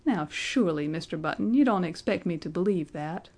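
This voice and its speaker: A woman's voice: lowish voice, expressive, a little fast, darkish tone. A woman reading aloud, voicing a stern, impatient male college registrar who scolds sharply. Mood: polite, doubtful. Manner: polite then stern and scolding.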